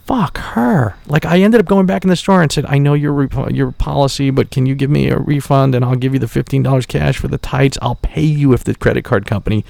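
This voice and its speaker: Gravelly-voiced man telling a profane story. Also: mid-range voice, brisk, few pauses, dry recording. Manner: profane, animated, acts out quotes. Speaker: podcast host. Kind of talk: casual storytelling.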